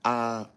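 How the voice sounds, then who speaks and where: A man's voice: medium pitch, bright, forceful tone. A man hosting a casual livestream, chatting to viewers in a laid-back, slangy way while eating. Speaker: livestream host.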